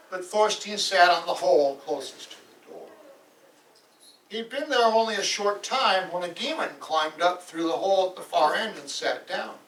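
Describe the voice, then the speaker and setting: A man telling a saga aloud to a live audience in a lively, animated way. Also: high-pitched, a little hiss or hum. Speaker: storyteller. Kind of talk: live oral storytelling of a saga. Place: event hall. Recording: roomy hall, voice from far off.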